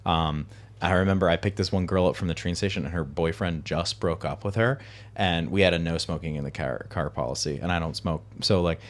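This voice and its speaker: A man's voice: deep voice, fairly quick. A man hosting a podcast in casual chat, telling easygoing stories full of filler words. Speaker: podcast host.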